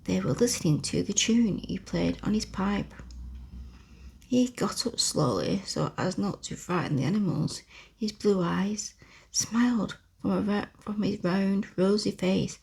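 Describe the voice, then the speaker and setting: A woman reading a classic children's story aloud in a slow, soft whisper, a whispered role-play for relaxation, close to the microphone. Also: mid-range voice, creaky, slightly rough. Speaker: ASMR storyteller.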